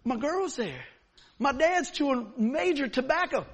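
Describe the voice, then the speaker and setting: Animated pastor telling stories. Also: male voice, very high voice, a little slow. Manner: animated storyteller, acts out scenes. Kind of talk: sermon with storytelling.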